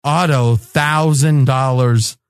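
A man's voice: mid-range voice, steady tone, takes it slowly, clean tone, dry recording, studio quality. A man hosting a sports betting roundtable podcast, teasing his guests and laughing often. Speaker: podcast host.

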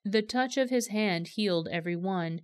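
A woman reads scripture aloud in a steady, measured way. Her voice is smooth and resonant, and the recording is dry and close with no room echo. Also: medium pitch. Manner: steady, measured storytelling delivery. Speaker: scripture reader.

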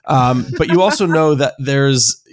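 A man's voice: mid-range voice, a little slow, no room sound, studio quality. A man co-hosting a casual sports podcast, talking hesitantly with many fillers and laughing easily. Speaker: podcast co-host.

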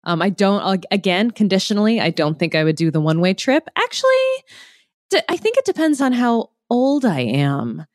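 A woman's voice: medium pitch, moderate pace, dry recording. Woman host, dry close sound. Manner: relaxed, reads listener questions. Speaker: podcast host. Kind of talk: casual podcast interview.

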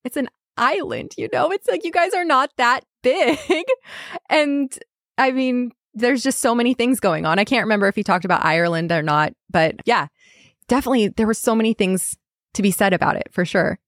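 A woman's voice: on the high side, lively intonation, normal speed, fairly bright tone, dry recording, clean studio sound. A young American woman, an English teacher on a podcast as a guest, chatting in a bubbly, laugh-filled way with lots of "like" and "you know". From United States. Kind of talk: casual chat.

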